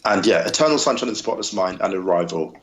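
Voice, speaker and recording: A man appearing as a podcast guest, talking casually and enthusiastically, with animated, effusive storytelling. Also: low-pitched, fast, roomy sound, low-quality recording. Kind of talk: casual chat.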